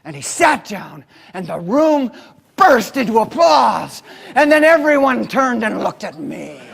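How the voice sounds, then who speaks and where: Middle-aged guy doing a keynote, slow, super animated, lots of pauses. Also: extremely high pitch, vocal fry, husky. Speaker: keynote speaker. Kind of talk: motivational keynote storytelling.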